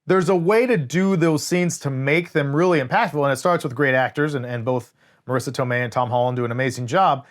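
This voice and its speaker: Speaking a little fast in a medium-pitched voice, this man co-hosts a casual movie review podcast. He's animated, curses freely, and acts out scenes in character voices.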